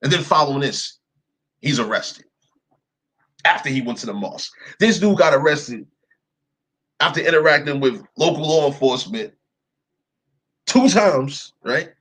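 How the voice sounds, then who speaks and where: A young man rants his way through a story, casual and profane, stressing points with "yo" and "right?" His slightly high, husky voice is lively and a bit bright, measured in pace with frequent pauses, and the audio is poor.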